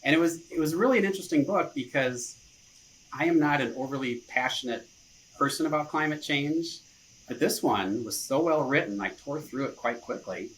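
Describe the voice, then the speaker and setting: A man's voice: a little high, animated, normal speed, a little hiss or hum, poor audio. A man, a marketing director, chatting casually as a podcast guest in an easygoing way, often chuckling and saying "you know". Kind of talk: casual interview chat.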